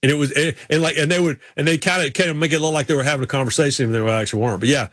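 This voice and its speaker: A man's voice: on the high side, rapid-fire, a bit bright, dry recording. A man, rambling through stories as a podcast co-host in casual chat. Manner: rambling storyteller who mimics drawls.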